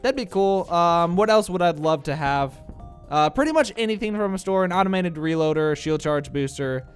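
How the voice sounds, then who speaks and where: A man's voice: fairly high pitch, expressive, normal speed, clean tone, faint music behind. A young man from the American Midwest with a Midwestern accent, rambling through casual let's-play commentary with many filler uhs, his voice a bit congested from allergies. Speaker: gameplay commentator.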